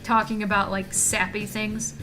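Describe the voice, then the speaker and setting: A woman's voice: mid-range voice, level tone, moderate pace, over music. A woman streamer in casual chat, joking and talking to her viewers as she draws. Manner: chatty and joking, reading chat aloud. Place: home streaming setup.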